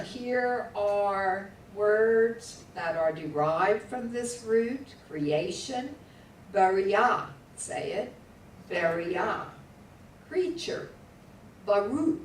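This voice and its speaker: In an echoey classroom with a low hum behind her, a Hebrew teacher with a mid-pitched voice talks very slowly. She patiently drills vocabulary, getting her students to repeat each word syllable by syllable, and she sounds far from the microphone.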